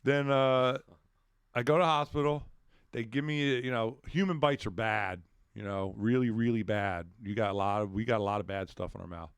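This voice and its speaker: A middle-aged man telling a story on a podcast in a casual way. He swears freely and acts out the shouts and quotes of the people in it. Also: fairly low pitch, steady tone, normal speed, clean tone, dry recording, clean studio sound.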